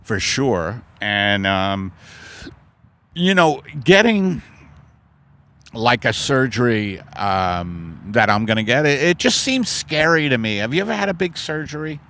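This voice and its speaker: A man's voice: mid-range voice, animated, measured pace, sharp tone. A man hosting a comedy podcast, rambling through a surreal improvised story and chatting. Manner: rambling, surreal, self-interrupting. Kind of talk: absurd improvised storytelling and casual chat.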